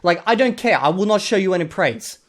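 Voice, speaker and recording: A man's voice: high voice, animated, fairly quick. A man with an Australian accent giving casual commentary as a channel host, blunt and sarcastic, and he swears casually. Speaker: channel host reviewing a video.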